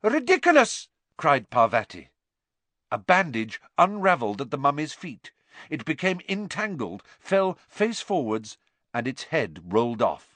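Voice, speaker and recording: A man narrating a story in a dramatic, expressive reading style. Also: mid-range voice, a little slow, dry recording. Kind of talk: audiobook narration.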